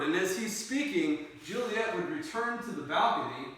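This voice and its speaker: High-voiced man explaining a play scene. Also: moderate pace. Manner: animated storytelling, directing readers. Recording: echoey room, mic far off.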